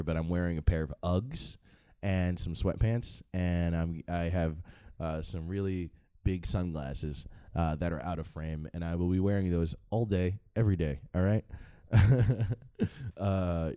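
A man with a low, mellow voice riffs through a casual comedic commentary, profane and rambling. The sound is dry and close, with no room around him. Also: measured pace, smooth, no room sound. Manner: profane, joking and rambling with frequent laughs. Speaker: vlog host.

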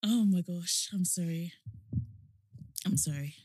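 A woman's voice: fairly low pitch, takes it slowly, darkish tone, no echo, clean studio sound. A woman co-hosting a podcast in casual chat, giggly and apologetic. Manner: giggly, apologetic, breaks into laughter. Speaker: podcast co-host.

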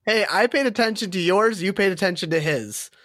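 Brief: high, bouncy male voice, giggling co-host, dry close sound. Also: brisk, a bit bright, no room sound. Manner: giggly, self-mocking. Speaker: podcast co-host. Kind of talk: casual gaming podcast chat.

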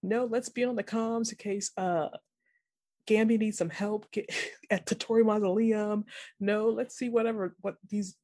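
A woman's voice: medium pitch, moderate pace. A woman co-hosting a podcast, chatting casually and retelling a show's plot with lots of laughter. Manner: giggly, animated storytelling. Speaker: podcast co-host. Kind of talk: casual recap chat.

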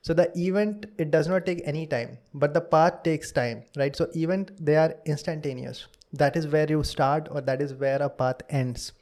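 A man's voice: fairly high pitch, normal speed, few pauses, darkish tone. A young man with an Indian English accent, hosting a casual podcast chat, rambling and laughing often. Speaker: podcast host.

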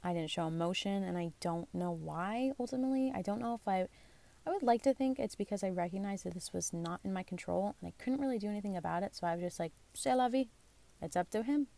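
Young woman vlogger, casual confessional storytelling, candid and rambling, gravelly and mellow tone. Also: medium pitch, quick pace. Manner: candid, rambling, self-deprecating, lots of fillers. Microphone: phone or basic mic.

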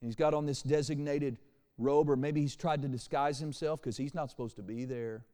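A man preaching a sermon as pastor, animated, shifting between quiet and loud passages. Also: medium pitch, fairly quick, in a large hall. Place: church sanctuary.

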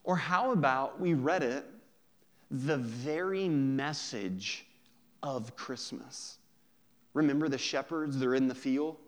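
A man pastor preaching a sermon in a conversational, joking way, drawing out key words slowly for emphasis. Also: medium pitch.

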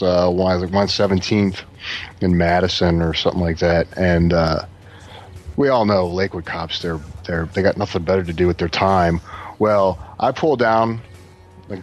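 A man casually telling a story to friends, animated and profane, acting out what others said. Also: deep voice. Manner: animated, profane, acts out quotes. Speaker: podcast guest telling a story.

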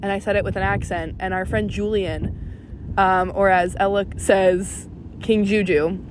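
A woman's voice: mid-range voice, steady tone, measured pace. A young woman in her twenties hosting a podcast in casual, giggly chat, recorded outdoors. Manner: bubbly, giggly, chatty. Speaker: podcast host. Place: outdoors in a city. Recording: outdoor noise behind.

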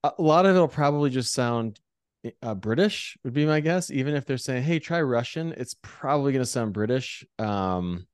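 A man's voice: mid-range voice, expressive, moderate pace, smooth, no room sound, studio quality. An American man co-hosting a church podcast in casual chat, rambling and self-deprecating with frequent laughter.

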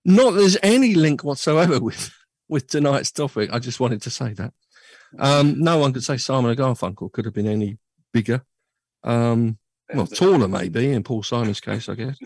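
A man's voice: mid-range voice, expressive, normal speed, a little mellow, no echo. A man hosting a casual chat show, talking in a chatty, joking way with rambling asides. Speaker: podcast host.

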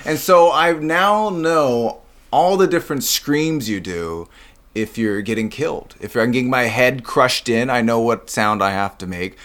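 A man's voice: medium pitch, fairly bright tone. A man in casual chat as an actor guest, a laid-back storyteller who acts out quoted lines and laughs often.

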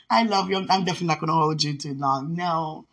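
A man's voice: on the high side, fast talker, a bit bright. A man speaking lovingly and devotionally to his fiancé, rambling and laughing often, at home. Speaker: vlogger. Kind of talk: casual devotional talk to a fiancé. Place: home by a window.

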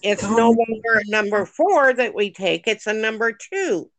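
A woman's voice: a little high, expressive, normal speed, fairly bright tone, no room sound, rough recording. A woman telling stories in a chatty, exclaiming way during casual family chat. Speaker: podcast host.

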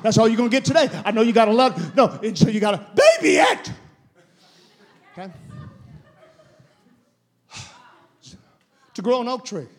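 A man with a high voice preaches a sermon as a guest pastor. He talks in an animated, repetitive way, counting off steps and going back over his words as he shows the congregation what to do. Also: unhurried, pauses often. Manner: animated, repetitive step-by-step demonstration.

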